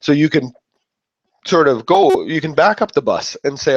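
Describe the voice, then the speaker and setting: Speaking at a moderate pace, a man with a slightly high, animated voice and a breathy edge delivers an informal motivational talk. He wanders, interrupts his own thoughts, and performs how others reacted. The audio is dull, lo-fi, and dry with no echo.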